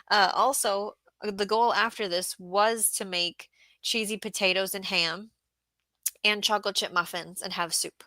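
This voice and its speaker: Woman gardener chatting on a livestream, bright voice, dry close sound. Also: mid-range voice, a little slow, long pauses, no room sound. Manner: chatty, reads viewer comments aloud, laughs often. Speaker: livestream host, market gardener. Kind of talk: casual livestream chat.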